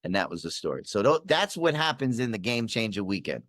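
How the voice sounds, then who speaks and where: Animated man telling a coaching story. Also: fairly quick, dry recording, studio quality. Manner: acts out dialogue with shifting pitch and energy. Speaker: performance coach, podcast guest.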